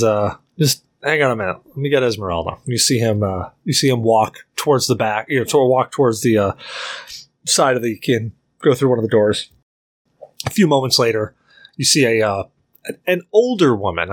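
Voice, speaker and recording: A young man narrating a tabletop game as game master, rambling with lots of fillers and laughter. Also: medium pitch.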